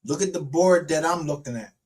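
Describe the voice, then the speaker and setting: A man's voice: a little high, a little fast, a little mellow. Angry profane man ranting on a livestream. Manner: aggressive, profane, confrontational.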